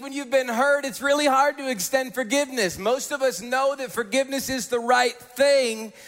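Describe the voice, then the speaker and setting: A high-voiced male pastor preaches to a congregation in a large church auditorium, telling stories in a chatty, animated way. His voice rings out with a long echo through the hall. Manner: conversational storytelling, animated. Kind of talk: sermon. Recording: echoey hall.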